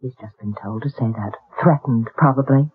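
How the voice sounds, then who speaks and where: Brisk, husky practical woman. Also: rumbling low, heavily acted. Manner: brisk, matter-of-fact. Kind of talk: 1970s radio drama acting. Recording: tinny old radio broadcast.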